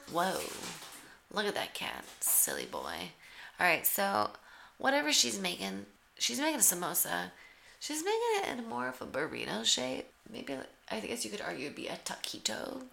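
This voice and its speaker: A woman's voice: lowish voice, huge pitch swings, a little slow, vocal fry, bright, forceful tone, slight background noise. A woman giving sarcastic, teasing play-by-play commentary over a cooking show. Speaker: comedic commentator.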